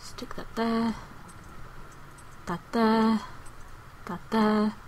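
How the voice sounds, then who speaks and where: A woman's voice: on the high side, little pitch movement, drawn-out words, darkish tone, a little hiss or hum, poor audio. A woman playing a video game and commentating casually, chatty and playful with frequent exclamations. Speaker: gaming video host.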